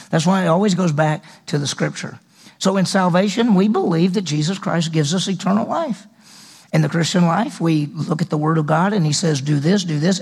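A man's voice: on the high side, vocal fry, husky. A man preaching a sermon as pastor, conversational, acting out little dialogues and repeating his points.

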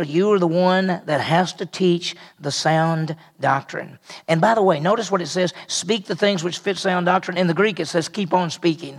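A man preaching an expository sermon as pastor, unhurried and emphatic, repeating key phrases for weight. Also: a little high.

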